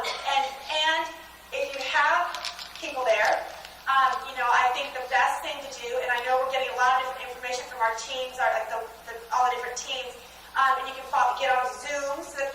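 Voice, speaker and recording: A woman's voice: high-pitched, little pitch movement, fairly quick, pushed and bright, a little hiss or hum. A woman giving a chatty, enthusiastic motivational talk at a sales training event, speaking to a live audience. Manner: chatty and enthusiastic, with frequent restarts. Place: large meeting room with a live audience. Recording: echoey room recorded from a distance.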